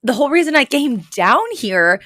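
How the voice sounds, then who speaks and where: A woman's voice: sits high, big pitch swings, normal speed, a bit bright, dry recording, studio quality, voice pushed up, full character voice. A woman voicing a kindly male boss who sheepishly confesses. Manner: sheepish, earnest.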